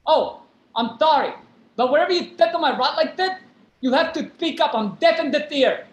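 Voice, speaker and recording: A woman's voice: sits high, lively intonation, moderate pace, roomy sound. A woman voicing a limping, lisping masked man who urgently pleads and whispers, in a live play reading over a video call. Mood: evasive. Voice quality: lisp.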